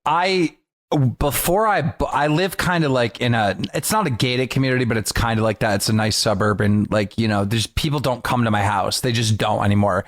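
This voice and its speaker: A man co-hosting a casual podcast, telling stories in a profane, animated way and acting out quotes in a raised voice. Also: medium pitch, a little fast. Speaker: podcast co-host.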